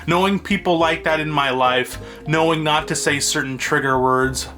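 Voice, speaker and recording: Man, casual rambling vlogger on a phone mic, bright tone, faint music under. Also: fairly high pitch, normal speed. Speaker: video blogger. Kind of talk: casual storytelling to camera. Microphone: phone held by himself.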